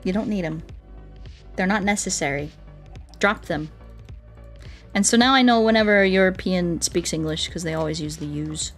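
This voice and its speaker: A woman's voice: fairly low pitch, normal speed, pauses often. Chatty American woman streaming a game. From United States. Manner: chatty, playful, laughs often, talks to chat and animals. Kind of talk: casual gaming chat. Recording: faint music behind.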